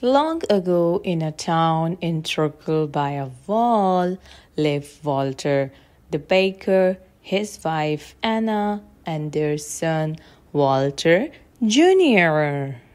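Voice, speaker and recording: A woman reading a children's picture book aloud in a slow, measured storytelling manner. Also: sits low, very animated, darkish tone. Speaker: storybook reader.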